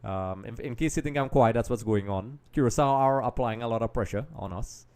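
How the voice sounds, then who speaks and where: A man with a mid-pitched voice hosts a live football watch-along in a casual, chatty way, calling his viewers "folks." He stays distracted as he juggles tasks, and his commentary keeps trailing off into quieter mutters and restarts. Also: brisk, clean tone. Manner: distracted, multitasking while commenting.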